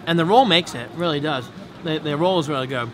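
A man filming a casual vlog at an outdoor boardwalk eatery, playful and excitable as he gushes over the food. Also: a little high, a little fast, slight background noise, poor audio. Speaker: vlogger. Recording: busy crowd around.

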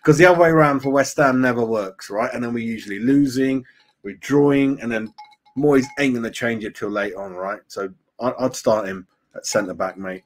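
A man's voice: mid-range voice, moderate pace. A man hosting a casual fan live stream, chatting loosely, greeting viewers by name and saying "mate" a lot. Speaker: fan channel host.

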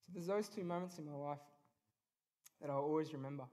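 A man's voice: fairly high pitch, fairly quick, mellow. A young man giving an earnest, informal personal faith talk at a youth event, with frequent ums. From Australia. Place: event venue.

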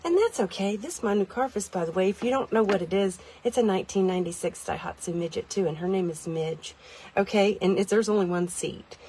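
A woman vlogging a chatty product demo from inside a tiny car, rambling, self-deprecating and easily excited. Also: mid-range voice, a little hiss or hum.

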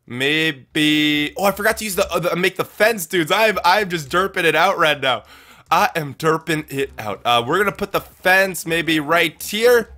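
A man's voice: on the high side, lively intonation, measured pace, bright, forceful tone. A man hosting a live game let's-play, talking energetically to chat, repeating his phrases and calling viewers dudes and guys. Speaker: gaming livestream host.

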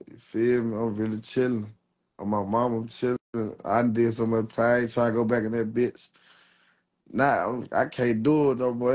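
A man's voice: mid-range voice, darkish tone. Young male rapper on a live stream, loose and rambling, heavy street slang, mid-range voice. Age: 20s. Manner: rambling street slang, repeats "real talk". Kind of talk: casual livestream talk.

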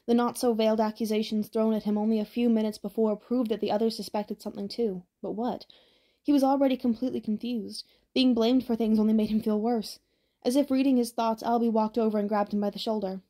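A woman narrating an audiobook in a steady, even storytelling manner. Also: a little high, fairly quick.

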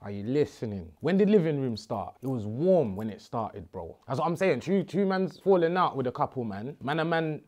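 A man's voice: mid-range voice, very animated, moderate pace, few pauses, darkish tone. A man, hosting a comedic monologue to camera, rambling in street slang with stumbles and repeated words. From United Kingdom. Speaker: host.

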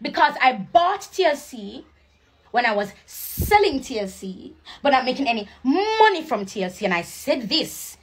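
A young woman with a Jamaican accent, livestreaming a rambling, preachy sales pitch for her network marketing business. She repeats herself and slips into patois. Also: sing-song, moderate pace, husky. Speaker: live streamer promoting a network marketing business. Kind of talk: casual live-stream sales pitch.

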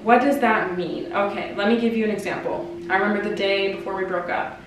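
A woman vlogger in her twenties from Canada talks emotionally and confidingly about breakups, dropping frequent "like"s and casual swear words. Her medium-pitched voice stays steady and moves a little fast, over a little hiss or hum. She's somewhat distant from a compact camera mic in an echoey room.

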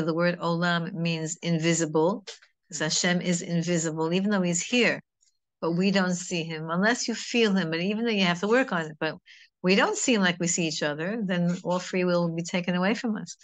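Lady giving a torah class, kinda low voice, rambles a bit, drops in hebrew words. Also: a bit bright. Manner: conversational, digressive, mixes Hebrew terms. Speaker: teacher.

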